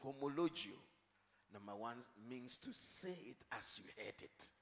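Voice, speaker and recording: A male pastor preaching a sermon and leading the congregation in call-and-response, building up to shouted declarations. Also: mid-range voice, animated, a little slow. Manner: leads the congregation in repeating lines. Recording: long reverb of a large hall.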